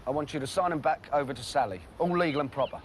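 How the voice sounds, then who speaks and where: A brash, quick-tongued Cockney con man, as an actor plays him, all cheeky patter in a TV drama. His voice sits high and the words tumble out fast. He gives as good as he gets in every insult. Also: slight background noise, natural voice. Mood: bargaining. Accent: London Cockney. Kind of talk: TV drama acting.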